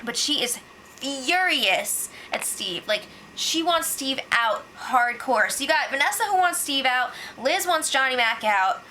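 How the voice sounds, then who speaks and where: A woman's voice: high voice, expressive, unhurried, bright, forceful tone, slight background noise, low-quality recording. A woman giving a casual, chatty spoiler recap for her vlog, filling her talk with "like". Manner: chatty, fills with "like", acts out quotes. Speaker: reality show recap vlogger.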